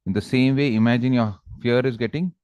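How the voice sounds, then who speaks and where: A male teacher with an Indian English accent gives exam advice to students in a calm, coaxing way and acts out the characters in his stories. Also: mid-range voice, brisk, clean tone, no room sound. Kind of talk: exam-prep lecture with storytelling.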